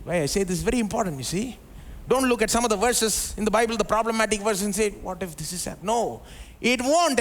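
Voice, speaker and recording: A male pastor, giving a live sermon in a conversational way, full of rhetorical questions and asides to the congregation. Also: sits high. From India. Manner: conversational preaching, many rhetorical questions and "you know". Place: church service before a congregation.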